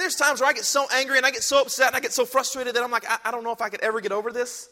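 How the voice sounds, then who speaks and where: A man's voice: extremely high pitch, pushed and bright, big-room sound. A man preaching a sermon to a large church congregation, moving from conversational talk into emphatic exhortation. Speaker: pastor.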